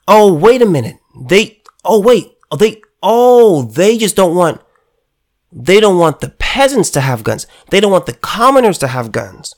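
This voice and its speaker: A political commentator delivering a heated monologue, emphatic and sarcastic, often stumbling and restarting words. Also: mid-range voice.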